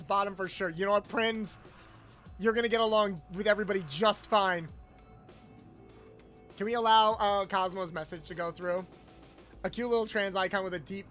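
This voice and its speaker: A young man streaming a video game, chatting casually with viewers, loud and animated with swearing. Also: high-pitched. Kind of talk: casual gameplay livestream chat.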